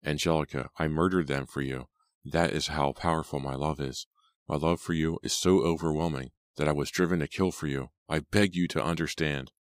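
Lovestruck young killer gent, as a man reads him, very deep voice, earnest pleading, dry sound. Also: fairly even intonation, fairly quick, no room sound. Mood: confessing. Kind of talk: audiobook character reading. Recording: dry close studio sound.

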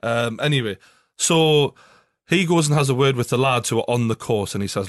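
A man's voice: mid-range voice, a little fast, no room sound, studio quality. A young man with a Geordie accent, hosting a podcast and telling rambling anecdotes in casual chat, swearing constantly. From North East England. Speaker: podcast host.

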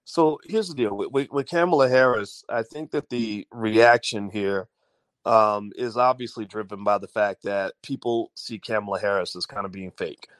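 A man's voice: fairly low pitch, normal speed, fairly bright tone, no echo. A man hosting an audio-only livestream, talking casually to his chat and reading viewers' comments, with many fillers and restarts. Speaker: livestream host.

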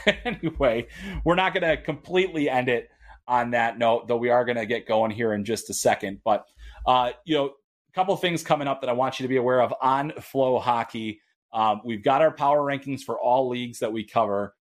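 Chatty male hockey podcast host. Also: medium pitch. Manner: loose and chatty, with frequent ums and restarts. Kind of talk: casual solo podcast talk.

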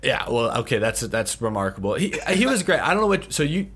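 A man's voice: mid-range voice, very animated, a little fast, a bit bright, breathy edge. A man with a mid-range voice, hosting a casual podcast. He chats in an easygoing way, leading the conversation on to new topics with questions. His talk is loose and unscripted. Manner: conversational, steers the discussion with questions. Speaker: podcast host. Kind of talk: casual movie review chat.

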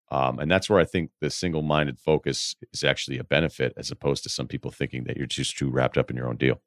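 Brief: young male podcast host, low voice, dry close sound, blunt and rambling with casual swearing. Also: brisk, dry recording. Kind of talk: casual advice talk.

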